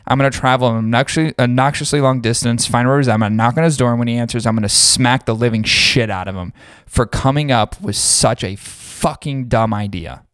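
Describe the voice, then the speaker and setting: A man's voice: mid-range voice, fairly even intonation, a little fast, a bit bright, dry recording, clean studio sound. Angry man ranting, profane. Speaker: podcast co-host. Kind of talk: casual podcast rant.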